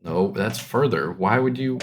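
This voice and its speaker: A man's voice: on the low side, expressive, measured pace, slight background noise. A man co-hosting a podcast in casual chat, teasing and swearing casually, laughing often. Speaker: podcast co-host.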